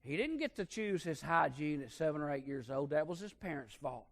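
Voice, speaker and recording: Preacher man telling a down-home story, kinda high voice, goes quiet then loud. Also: lively intonation, a little fast. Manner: folksy, swings between hushed and loud emphasis. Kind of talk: sermon storytelling.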